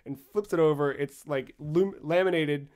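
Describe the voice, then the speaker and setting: A man co-hosting a podcast, telling a travel story in a casual, animated way with frequent swearing. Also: fairly high pitch, normal speed. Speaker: podcast co-host.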